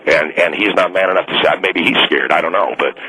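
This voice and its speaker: Man doing a fired mall Santa, very low voice, crisp tone, indignant, rambling, radio call. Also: quick pace, pushed and bright, low-quality recording. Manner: stubborn, self-righteous, rambling with restarts. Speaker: caller.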